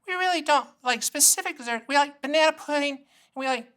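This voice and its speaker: A man doing a fussy old mother in her eighties, rambling and repeating herself, her voice pitched well up from his own and softer. She has an edge to her and chatters on. The tone is bright and clear. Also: fast talker.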